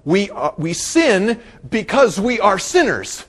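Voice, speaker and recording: A pastor preaching in a lively voice, pitched a little above the usual for a man. His delivery swings between loud, emphatic bursts and hushed asides. He often repeats phrases to drive a point home. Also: takes it slowly. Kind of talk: sermon.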